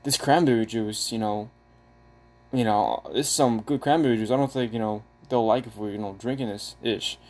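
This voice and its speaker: A man's voice: lowish voice, normal speed. Young man telling a story with energy. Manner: animated, laughing, acts out quoted lines in a raised voice. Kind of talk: casual storytelling chat.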